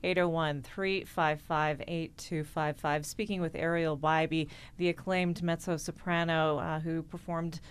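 A woman hosts a call-in radio talk show and questions her guests. Her voice is fairly low and very smooth, and her delivery is brisk and conversational. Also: flat delivery. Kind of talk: live radio interview.

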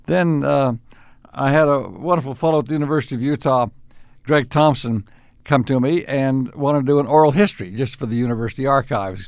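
A man's voice: medium pitch, no echo. Older man telling stories, dry sound. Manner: unhurried, warmly anecdotal, with chuckles. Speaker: interviewee. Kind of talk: reflective storytelling.

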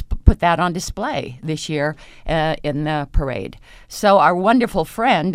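A middle-aged woman with a low voice talks as a guest on a radio interview about singing. She explains things slowly, hesitating often, and the sound is close and dry with no room. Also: clean tone, no echo. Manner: unhurried, explanatory, with frequent hesitations and light laughs. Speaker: opera singer and voice teacher.

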